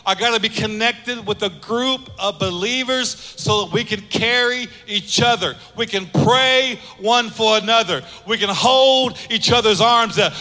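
A man pastor preaching a sermon, earnest, repeating phrases for emphasis and dropping soft on key lines. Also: high voice, unhurried, hardly any pauses, big-room sound.

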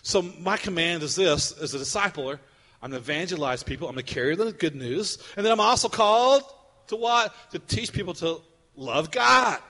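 High bright voiced guy preaching, repeats lines, loud then soft, big echoey church. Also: lively intonation, normal speed. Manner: preaching with repetition, swinging from loud emphatic to soft and low. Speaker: pastor. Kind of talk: sermon. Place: church sanctuary. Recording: long hall reverb.

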